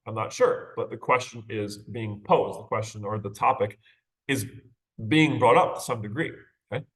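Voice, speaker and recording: A man's voice: mid-range voice, fairly bright tone, low-quality recording. A man teaching a literature class, reading passages aloud and discussing them casually, with frequent rhetorical questions and tag questions.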